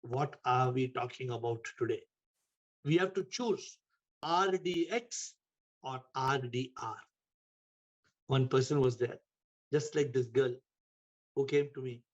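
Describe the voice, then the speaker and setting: A man giving a spiritual talk, telling stories with emphatic repetition and sudden shifts in loudness. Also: mid-range voice, takes it slowly, long pauses, dull audio. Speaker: spiritual teacher. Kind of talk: spiritual talk to an online audience.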